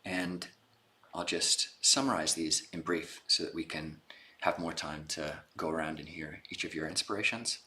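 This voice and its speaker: Low-voiced monk guy, kinda sharp tone, retelling old stories casually in a talk. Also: fairly even intonation, normal speed. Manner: casual, chatty explaining with slangy retellings. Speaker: Buddhist monk teaching. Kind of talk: informal dharma talk.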